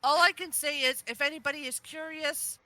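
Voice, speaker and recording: Bright-voiced wisecracking podcast guest. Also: high voice, steady tone, fairly quick. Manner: wisecracking, dry jokes. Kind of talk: casual review chat.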